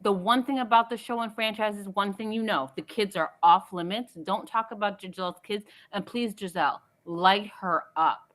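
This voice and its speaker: A woman's voice: mid-range voice, brisk, few pauses, fairly bright tone. A woman calling in to a recap show, fired up and scolding as she hands out advice. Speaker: caller. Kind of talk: opinionated call-in commentary.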